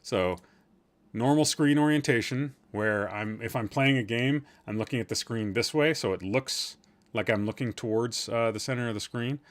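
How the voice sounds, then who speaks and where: A man hosts a live-streamed podcast from a room at home, talking off the cuff. He rambles from one thing to the next and keeps teasing and joking with the people in his chat. His voice sits at an ordinary middle pitch for a man. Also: moderate pace.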